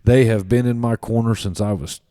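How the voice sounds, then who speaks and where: A man's voice: medium pitch, steady tone, brisk, warm tone, no room sound, studio quality. A man in his thirties with an Ohio accent, a podcast guest telling stories in a folksy, rambling way. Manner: folksy, rambling, acts out quotes in a raised voice. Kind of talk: casual storytelling chat.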